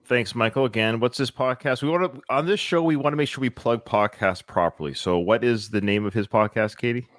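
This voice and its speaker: A man's voice: mid-range voice, fairly quick, few pauses, no echo. A man hosting a podcast in casual chat, chatty and jokey, often correcting himself. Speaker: podcast host.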